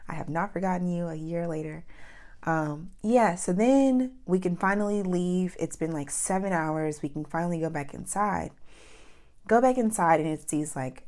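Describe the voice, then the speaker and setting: Animated young woman vlogger, slightly low voice. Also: moderate pace. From New York. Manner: animated, with many "like" fillers and acted-out quotes. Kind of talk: casual storytelling vlog.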